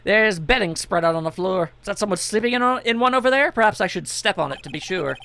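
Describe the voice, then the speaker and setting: A man riffing through a video game with jokey, casual commentary, reading lines aloud as he goes. His voice swings around lively and sounds bright and forceful. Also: high-pitched, fast talker, gravelly, slight background noise. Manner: jokey, reads on-screen text aloud. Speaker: let's play commentator.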